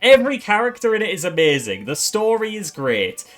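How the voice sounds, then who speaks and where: Brief: male streamer presenting game awards, animated swings in pitch, faint music underneath. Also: moderate pace. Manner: excitable, swears, stumbles and restarts.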